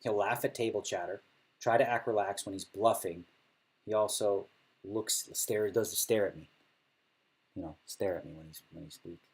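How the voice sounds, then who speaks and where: A man's voice: fairly low pitch, normal speed, breathy edge. A middle-aged man casually chatting while streaming poker, laughing often and acting out other players' table talk. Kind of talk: casual chat.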